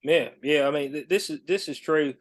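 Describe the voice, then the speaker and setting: A man hosting a podcast in casual chat, relaxed and slangy, acting out a rude clerk. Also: fairly high pitch, normal speed. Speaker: podcast host.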